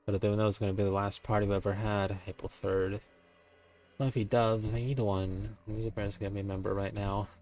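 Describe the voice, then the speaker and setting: Low-voiced, joking male streamer. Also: little pitch movement, a little fast, darkish tone, soft background music. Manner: joking, loose, swears casually. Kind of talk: casual stream commentary while reading game text.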